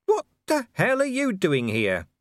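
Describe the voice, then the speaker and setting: A man voicing a gruff, battered middle-aged male commander who talks sarcastically. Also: high-pitched, huge pitch swings, a little slow, no room sound, studio quality, voice pushed up, full character voice.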